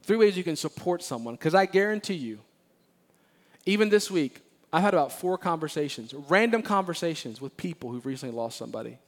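Lively pastor preaching a sermon. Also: male voice, a little high, brisk. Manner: animated and playful, acting out Bible figures; repeats phrases, emphatic delivery. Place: church sanctuary.

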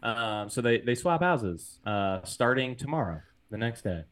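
On a casual podcast, a male host recaps a film's plot and laughs a lot. He speaks at a medium pitch, expressively and without hurry, with a slightly bright sound.

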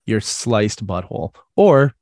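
A man's voice: fairly low pitch, very animated, slow, darkish tone, dry recording, clean studio sound. A man hosting a podcast, teasing his guest and laying out crude hypothetical questions with frequent laughter. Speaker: podcast host. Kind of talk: casual podcast chat.

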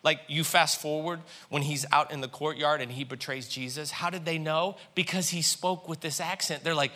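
Guy preaching a sermon, bright ringing voice, kinda high, goes loud then hushed. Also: steady tone, normal speed, few pauses. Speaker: pastor.

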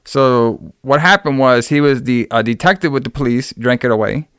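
A man's voice: mid-range voice, moderate pace, a bit bright, clear, resonant tone, no echo, studio quality. Rambling young man recapping a film. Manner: rambling, many fillers and restarts.

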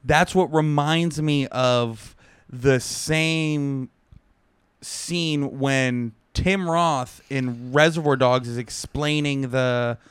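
A man co-hosting a comedy podcast, halting as he searches for words. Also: medium pitch, fairly even intonation, clear, resonant tone, dry recording. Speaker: podcast co-host. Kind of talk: casual comedy podcast chat.

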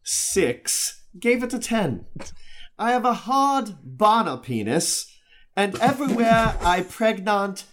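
A man's voice: sits high, very animated, fairly bright tone, pitched above the performer's own voice, full character voice. A man doing a garbled slangy reviewer. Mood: goofy. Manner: slow, broken nonsense phrasing.

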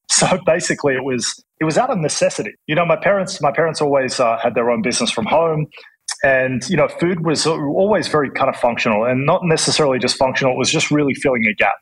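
A man's voice: medium pitch, husky, low-quality recording. A man with an Australian accent, speaking as a chef and entrepreneur guest in a casual podcast interview, frank and reflective with many restarts.

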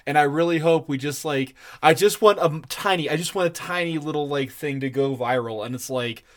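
A man co-hosting a podcast in casual chat, excitable and rambling, laughing often. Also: a little high, brisk. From Colorado. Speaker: podcast co-host.

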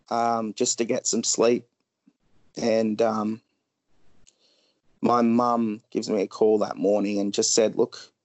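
A man's voice: medium pitch, a little mellow, dry recording. Man, emotional storyteller, hesitant delivery, dry close sound. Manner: halting, frequent ums, pauses.

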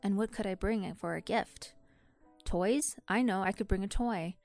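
A woman's voice: medium pitch, a little slow, gravelly, a little mellow, soft background music. A woman voicing a fussy, house-proud elderly village woman in a storybook reading, grumbling and flustered. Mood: hesitant.

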